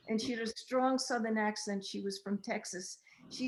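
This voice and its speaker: An older woman with a fairly high voice talks gently and without hurry. She shares a personal story during a group interview. Her voice rings a little in an echoey room. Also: fairly even intonation, normal speed, few pauses. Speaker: relationship counselor guest.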